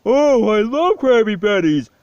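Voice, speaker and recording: A man's voice: sits high, big pitch swings, measured pace, darkish tone, dry recording, highs cut off, voice pushed up. A man voicing a dim-witted, goofy male starfish with a dopey, sing-song delivery.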